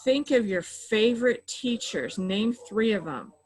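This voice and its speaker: A woman's voice: medium pitch, animated, a little slow, rough recording. A middle-aged woman who works in mental health, patiently explaining coping tips in a conversational interview, with frequent "you know" fillers.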